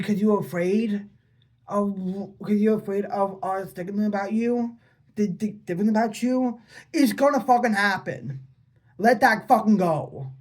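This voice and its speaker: A man's voice: sits high, darkish tone. A man vlogging an unscripted, rambling monologue to his father, repeating himself and asking pleading questions. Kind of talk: unscripted personal vlog monologue.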